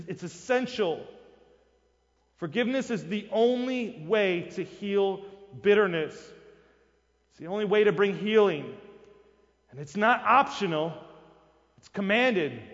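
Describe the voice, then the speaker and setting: A man preaching a sermon as pastor, emphatic, with loud rhetorical questions. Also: high voice. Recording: dull long-reverb hall sound.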